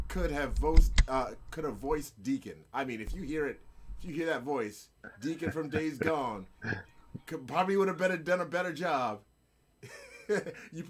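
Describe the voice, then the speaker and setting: A middle-aged man hosting a casual live-streamed gaming and photography show, playful and laughing, giving hyped shout-outs to his chat and guests. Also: a little high, normal speed, background noise.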